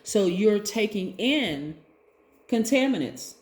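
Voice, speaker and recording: A woman's voice: medium pitch, animated, slow. A woman giving a casual tarot reading, talking chattily and peppering her talk with rhetorical questions. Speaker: tarot reader. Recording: roomy echo.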